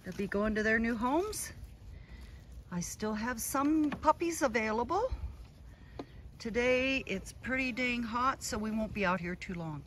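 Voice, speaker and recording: A woman's voice: a little high, animated, measured pace. A woman dog breeder outdoors at her kennel, cooing baby talk to her puppies in between telling viewers about them. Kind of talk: casual outdoor video with puppies. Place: outdoors at a kennel on a hot day. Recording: loud background noise outdoors.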